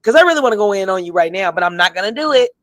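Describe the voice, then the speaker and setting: A woman's voice: medium pitch, animated, dry recording. Tipsy sassy woman roasting people on a gossip stream, mid voice, dry close sound. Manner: sassy, blunt, drawn-out emphatic repeats. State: tipsy, has been drinking. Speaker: co-host. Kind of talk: casual gossip commentary.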